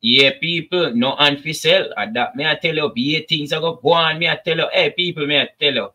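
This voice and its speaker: A man's voice: fairly high pitch, fairly quick, sharp tone, faint music behind. Jamaican man hosting chatty commentary. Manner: chatty, addresses viewers as people, patois asides. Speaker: commentary channel host. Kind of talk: casual commentary to viewers.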